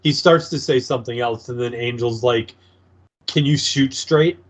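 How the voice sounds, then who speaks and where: A man's voice: mid-range voice, moderate pace. A man co-hosting a podcast, casually chiming in to correct and add episode details. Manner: laid-back, chimes in with corrections and laughs. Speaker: podcast co-host. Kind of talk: casual chat.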